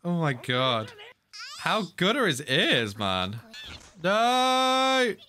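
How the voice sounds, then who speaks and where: A young man giving excitable casual reaction commentary, often laughing. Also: mid-range voice, slow pace, slight background noise. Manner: excitable, frequent laughter and "mate". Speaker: anime reaction host.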